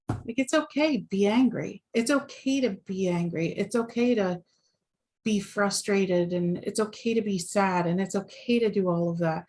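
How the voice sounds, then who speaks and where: A woman relationship coach talking casually as a guest, animated, with many fillers and restarts. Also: medium pitch, normal speed. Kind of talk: casual conversation.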